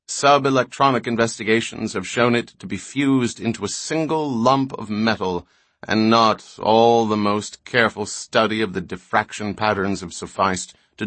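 A grave, patient old scholar lays out his history in calm explanations, as a man reads him in an audiobook. The voice is lowish and the sound close and dry. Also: moderate pace, dry recording.

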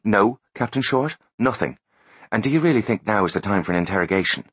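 A man voicing a calm, emotionless teenage boy genius with a wry manner. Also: fairly low pitch, brisk, slightly rough, dry recording, voice pushed up. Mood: cool. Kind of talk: audiobook character voice.

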